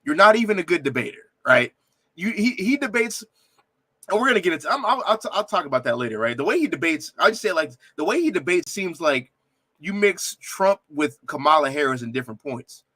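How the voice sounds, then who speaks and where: A man's voice: fairly high pitch, sing-song, fairly quick, bright, forceful tone, dry recording. A man hosting a reaction video, commenting on a debate clip with indignant, laughing outbursts and stammered restarts.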